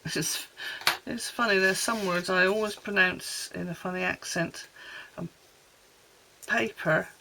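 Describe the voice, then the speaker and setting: Chatty homely woman crafter, bright tone. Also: lowish voice, steady tone, a little slow, slight background noise, low-quality recording. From Wales. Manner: chatty, homely, rambling asides while working. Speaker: card-making crafter. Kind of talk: casual crafting tutorial chat.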